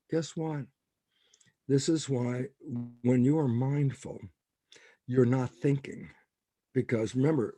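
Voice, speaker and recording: A man's voice: medium pitch, warm tone, husky, no echo. An older man, a guest biologist on a podcast interview, telling stories with animation and acting out quoted dialogue. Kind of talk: interview conversation.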